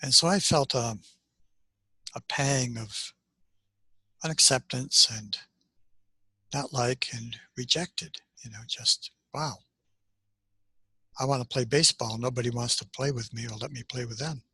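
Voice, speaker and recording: An older man gently telling a personal story from his childhood, unhurried and pausing often, as if on a video call. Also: medium pitch, slightly rough, no echo. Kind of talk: personal story, reflective monologue. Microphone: webcam on a video call.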